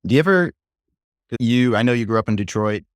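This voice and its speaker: A man's voice: mid-range voice, expressive, fairly quick, no room sound. A man from New Hampshire hosting a podcast, asking long, easygoing, rambling questions in casual conversation. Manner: easygoing, rambling questions, lots of listening murmurs. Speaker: podcast host.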